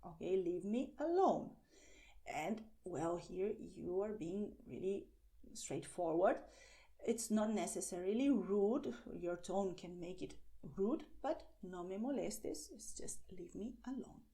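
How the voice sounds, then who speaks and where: A woman teaching beginners, patient and explanatory, often pausing on "well" and slowing down to model each phrase. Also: medium pitch, lively intonation, mellow. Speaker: language teacher.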